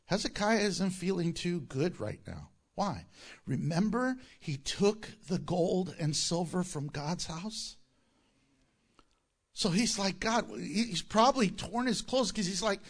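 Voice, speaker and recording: High-voiced, unhurried male pastor preaching. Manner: animated preaching with jokes and laughs. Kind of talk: sermon.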